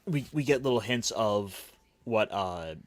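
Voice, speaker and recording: A man's voice: fairly low pitch, lively intonation, unhurried, no room sound. Dry-sounding man hosting a roundtable. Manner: wry recapping with mocking quoted asides. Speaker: podcast host. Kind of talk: casual roundtable discussion.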